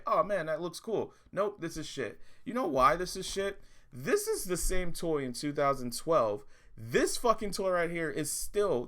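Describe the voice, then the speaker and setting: A man's voice: a little high, fairly bright tone. A man hosting a toy review vlog, ranting in frustration and swearing often. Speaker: toy reviewer, channel host.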